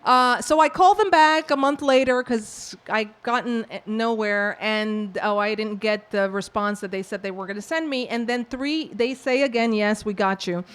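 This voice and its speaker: Author from the Bronx, woman, higher voice, animated storyteller at a book talk Q&A. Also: normal speed, few pauses, clear, resonant tone. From New York, the Bronx. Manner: animated storyteller who acts out quoted exchanges. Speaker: author and professor answering audience questions.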